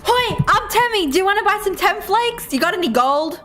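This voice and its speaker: A woman voicing an excitable little creature hawking snacks, squeaky and chirpy. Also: brisk, soft background music. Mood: eager.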